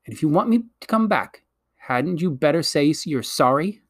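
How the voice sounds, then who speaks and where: A man reading aloud, voicing a prim, sharp-tongued young English girl in a storybook. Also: fairly high pitch, lively intonation, normal speed, no room sound, studio quality. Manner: sharp, sarcastic, proper schoolgirl speech.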